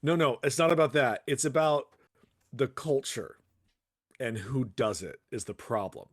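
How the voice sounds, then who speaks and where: A man co-hosting a podcast, casual chat, halting as he argues his point. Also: medium pitch, dry recording, clean studio sound. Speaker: podcast co-host.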